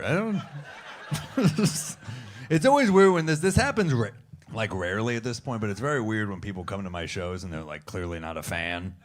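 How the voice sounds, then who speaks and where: A man performing stand-up comedy on a club stage into a handheld mic, with a dry, deadpan delivery. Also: lowish voice. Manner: deadpan, dry delivery, talking back to a heckler. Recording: live club recording, laughing crowd.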